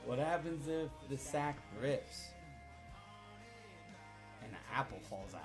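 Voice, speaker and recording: A man's voice: mid-range voice, expressive, slow pace, long pauses, over music. A man casually telling a rambling, profane story to a live chat, repeating himself as he goes.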